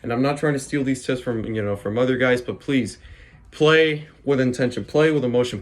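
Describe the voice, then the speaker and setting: A man's voice: mid-range voice, fairly quick. A man casually giving advice to fellow drummers, stammering and restarting often and checking in with "okay?". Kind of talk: casual spoken tips to camera.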